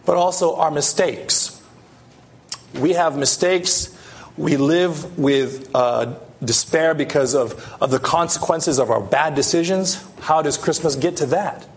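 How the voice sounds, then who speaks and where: A man preaching a sermon as pastor, earnest, lifting his voice for emphasis and dropping it soft. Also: fairly high pitch, a little slow.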